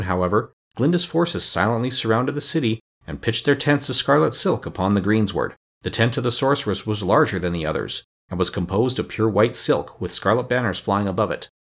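A man narrating a classic children's storybook in a measured, even reading. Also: fairly low pitch. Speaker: audiobook narrator. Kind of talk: scripted narration.

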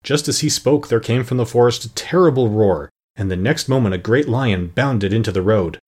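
A man narrating an audiobook in a steady, expressive storytelling manner. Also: mid-range voice, moderate pace, breathy edge. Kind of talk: scripted narration.

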